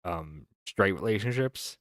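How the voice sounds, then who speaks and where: Sarcastic low-voiced male stream host. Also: animated, unhurried, no room sound, studio quality. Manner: sarcastic, rambling with fillers and laughs. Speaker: livestream host. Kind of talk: casual commentary on a clip.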